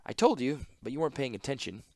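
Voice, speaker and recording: Guy doing a sardonic lady apprentice, sharp tongue, pitched way up, dry sound. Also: very animated, fast talker, dry recording. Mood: mocking. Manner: mocking, cool and sharp-tongued. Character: sly sardonic woman apprentice artificer.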